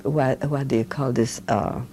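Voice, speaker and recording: Older woman with a low, mellow voice. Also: steady tone, a little hiss or hum. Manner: halting, with many fillers and restarts. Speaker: interviewee, Holocaust survivor. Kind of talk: recorded oral history interview.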